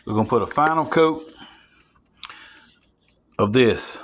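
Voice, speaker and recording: A man's voice: medium pitch, slow pace. Folksy man cooking at home. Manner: folksy and chatty, talking straight to viewers, excited whoops. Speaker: home cook showing a recipe. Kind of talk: casual cooking video narration. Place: home kitchen.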